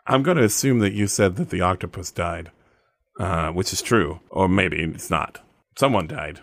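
A man's voice: sits low, moderate pace, fairly bright tone, dry recording, clean studio sound. A man voicing a young masked male hero in a comedic tabletop role-play, earnest and a little whiny. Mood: wary.

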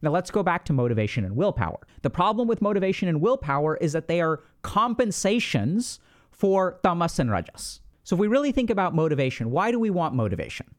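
Guy with a high voice talking casually, acts out what your head says, keeps saying right. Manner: animated, acts out inner voices, lots of "like" and "right?". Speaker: podcast host. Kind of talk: casual explanatory talk.

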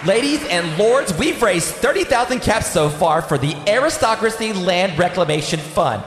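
A flamboyant auctioneer and emcee, played by a man in an audio drama, pitched high with a wildly lively delivery. He hypes the crowd theatrically. The voice carries a long hall reverb over faint noise. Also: moderate pace. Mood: announcing. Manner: showy, theatrical announcing.

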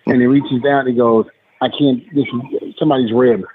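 A man's voice: mid-range voice, fairly even intonation, brisk. A man guest in casual chat on a podcast, telling stories with many fillers and restarts. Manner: rambling storyteller, frequent fillers. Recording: tinny phone-like remote line with faint noise.

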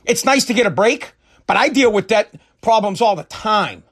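A man's voice: high-pitched, expressive, moderate pace, a bit bright, slightly rough. A middle-aged man in a heated, profane rant, often stumbling and restarting his sentences. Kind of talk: angry political rant.

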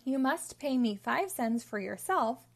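A polite, self-pitying storybook troll, read aloud by a woman with a fairly high voice. He sounds calm and reasonable as he asks for his toll. It is a picture book read aloud to children. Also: a little slow, vocal fry, full character voice. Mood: insistent. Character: polite, self-pitying male troll who collects tolls.

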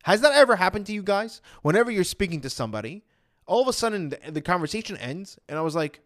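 A man's voice: sits high, very animated, fast, fairly bright tone. A man talking casually as an anxiety coach, retelling his own past thoughts in a chatty way. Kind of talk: casual motivational talk.

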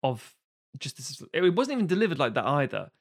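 An animated man co-hosting a film podcast, his pitch swinging widely as he talks. He chats casually and keeps jumping into exaggerated impressions of lines he quotes. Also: brisk. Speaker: podcast co-host.

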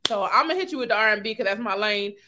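A woman hosting a game segment, announcing each round in a brisk, upbeat way. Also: mid-range voice, expressive, noisy background. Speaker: host.

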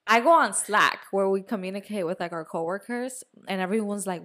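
A young woman co-hosting a podcast, telling a story in a casual, animated way, now and then swearing and dropping in Spanish words. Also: mid-range voice, fairly quick, hardly any pauses. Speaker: podcast co-host. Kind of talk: casual chat.

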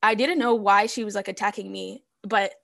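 A young woman guest on a podcast tells a personal story in casual chat, animatedly acting out the things she said back then. Her mid-range voice has vocal fry and a moderate pace.

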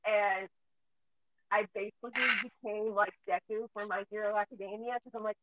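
This mother hosts a casual chat in a slightly high voice with fairly even intonation and a moderate pace. Her freewheeling stories are full of swearing, and the recording has a dry, tinny, phone-like sound.

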